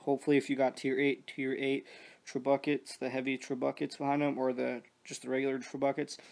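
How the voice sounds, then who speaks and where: Flat-voiced man rambling through gameplay. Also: medium pitch, fairly quick, vocal fry. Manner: rambling, profane, many restarts and fillers. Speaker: mobile strategy game player. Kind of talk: casual gameplay commentary.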